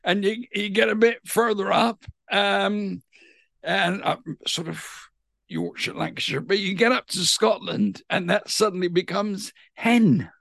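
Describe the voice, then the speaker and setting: A man's voice: high voice, a little slow, gravelly, no echo, studio quality. A middle-aged man with a West Country English accent, a pantomime actor chatting enthusiastically in an interview. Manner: chatty and enthusiastic, animated storytelling. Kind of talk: casual interview chat.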